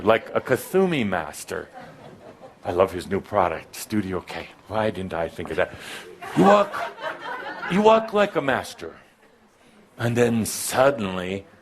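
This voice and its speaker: A man's voice: deep voice, creaky, slight background noise. A man giving a live spiritual talk to a gathering, playful and teasing, with an exaggerated, theatrical delivery. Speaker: spiritual teacher addressing a gathering.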